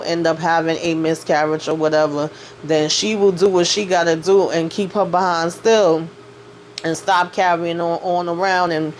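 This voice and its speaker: A woman's voice: fairly low pitch, slight background noise. A woman hosting a casual TV episode recap, chatty and opinionated, talking loosely with lots of filler words. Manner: chatty, loose and opinionated, full of "you know" and "like". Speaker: TV recap host.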